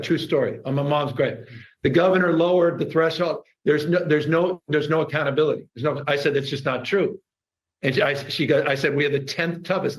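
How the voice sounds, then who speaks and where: A man's voice: a little high, low-quality recording. A man telling an anecdote to an audience, speeding up and pressing hard when he makes his point. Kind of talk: storytelling to an audience.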